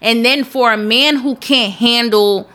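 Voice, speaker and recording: Young woman host, blunt and emphatic, slightly higher voice, casual podcast chat. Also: fairly bright tone. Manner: candid, emphatic, talks in quick bursts.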